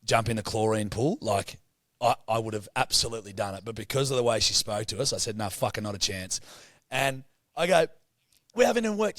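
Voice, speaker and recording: A man's voice: medium pitch, fairly quick, no echo, studio quality. A man co-hosting a casual podcast, telling a story full of swearing and acting out the people in it. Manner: sweary, animated storyteller who acts out the people in his tales. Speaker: podcast co-host.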